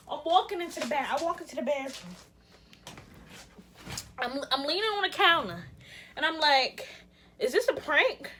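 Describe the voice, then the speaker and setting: Young woman, storytime vlog, high bright voice, emphatic, acts out her reactions, faint hiss. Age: young adult. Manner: animated, emphatic, swears freely, acts out her own reactions. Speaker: YouTuber telling a story.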